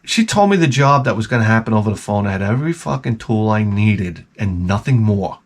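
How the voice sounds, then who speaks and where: A closet installer with a fairly low-pitched voice rants casually and briskly, telling a profane story with lots of animation and acting out the people involved.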